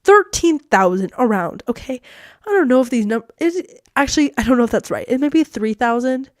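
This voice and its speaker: A woman's voice: high-pitched, animated, brisk, no echo, studio quality. Chatty, bubbly teenage girl podcaster. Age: teens. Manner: bubbly, chatty, says "like" a lot. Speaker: podcast host. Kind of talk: casual storytelling. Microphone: podcast mic that cuts out.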